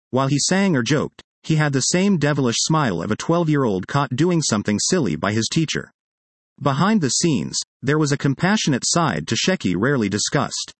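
A comedian reading his own tribute essay as scripted first-person narration, an anecdotal storyteller who drops punchlines deadpan. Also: mid-range voice, dry recording.

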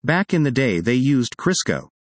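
A man narrates a personal essay with wry, expressive timing. His mid-pitched voice moves through a wide, lively range. The sound is dry and close, with no room around it. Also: moderate pace, dry recording. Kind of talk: reading a personal essay aloud.

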